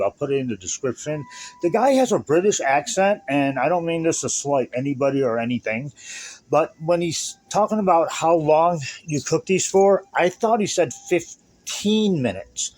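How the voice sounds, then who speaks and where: A man's voice: medium pitch, slight background noise, rough recording. A man hosting a casual home cooking vlog, rambling and joking at himself as he talks through the recipe. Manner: rambling, self-deprecating, chatty asides. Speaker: channel host.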